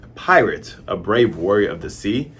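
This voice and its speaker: A man voicing a cold, scheming male butler who talks low, hushed and slow. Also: very animated, a little hiss or hum. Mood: scornful.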